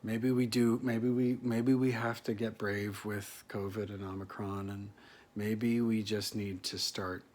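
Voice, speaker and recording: A man, an actor, giving a reflective solo monologue to an imagined listener, musing and halting with restarts and soft chuckles. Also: lowish voice, flat delivery. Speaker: actor performing a solo piece.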